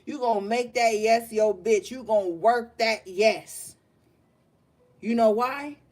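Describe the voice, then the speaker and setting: A woman's voice: fairly high pitch, slow pace, darkish tone. A young adult woman giving a casual tarot reading, blunt and profane, fired up and laughing often. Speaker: tarot reader.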